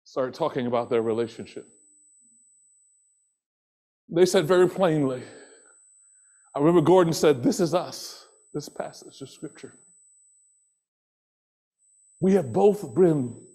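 A man preaching a sermon as pastor, impassioned, shouting some phrases and dropping soft on others, repeating rhythmic refrains. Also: on the high side.

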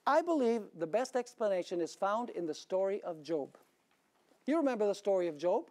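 Male pastor preaching, emphatic, rhetorical questions, big swings in loudness. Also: sits high, sing-song, brisk. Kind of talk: sermon.

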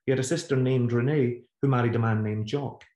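A man's voice: mid-range voice, steady tone, a little fast, a little mellow, voice pushed up, lightly acted. A man voicing an anxious young boy who speaks with stiff, over-formal politeness, in a roomy recording. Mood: nervous politeness. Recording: roomy echo.

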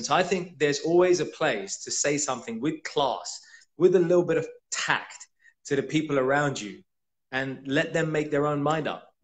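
A man co-hosting a casual motivational chat, speaking in an emphatic, rousing way. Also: mid-range voice. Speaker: co-host, retreat leader.

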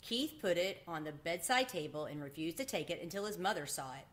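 A woman's voice: on the low side, expressive, fairly quick, fairly bright tone. A woman reading the part of an eager, proud young boy mouse in a storybook. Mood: explaining.

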